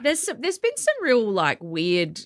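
An Australian woman co-hosting breakfast radio, chatting casually with quick asides. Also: fairly high pitch, huge pitch swings, no echo, clean studio sound. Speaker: radio co-host.

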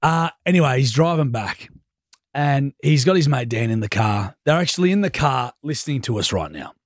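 A young Australian man hosting a radio show, telling a story in casual, animated banter. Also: mid-range voice, moderate pace, no echo, clean studio sound. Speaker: radio host. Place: radio studio. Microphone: studio mic.

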